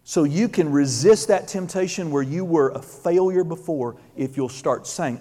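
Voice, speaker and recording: Male pastor, high-pitched voice, animated delivery that builds to shouting, long hall reverb. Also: moderate pace, hardly any pauses. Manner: animated, rising to shouts, acts out quotes. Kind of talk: sermon.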